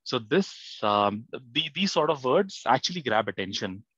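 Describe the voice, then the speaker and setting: A man's voice: medium pitch, big pitch swings, moderate pace, a bit bright, breathy edge, no echo, highs cut off. A man teaching an online writing class, hesitant and full of fillers and restarts, often putting questions to his students. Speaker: content writing instructor. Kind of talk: live online class lecture. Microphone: online class mic.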